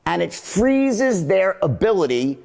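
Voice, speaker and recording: A man teaches a sales seminar in a swinging, fairly high voice, blunt and a little profane as he demonstrates different tones. His talk rings out with a long, hall-like reverb. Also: very animated, slow, gravelly, a little mellow. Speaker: sales trainer.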